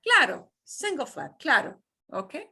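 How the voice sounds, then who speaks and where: A woman teaching a beginners' Spanish class, demonstrating sounds through slow, playful repetition. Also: medium pitch, animated, bright, forceful tone. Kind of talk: beginner language lesson.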